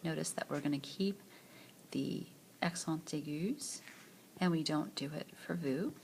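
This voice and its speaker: A woman teacher with a fairly low voice narrates a French grammar screencast over a tablet. She explains each point patiently and models the verb forms slowly so that learners can repeat after her. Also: a little mellow, a little hiss or hum.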